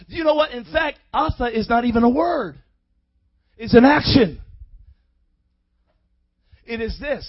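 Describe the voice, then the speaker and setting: A male preacher with a very high voice delivers a rousing sermon, dropping low, then rising to shouts and calling out to the congregation. The recording is dull and lo-fi. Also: animated, unhurried, long pauses, breathy edge. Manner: call-and-response preaching, swings from quiet to shouting.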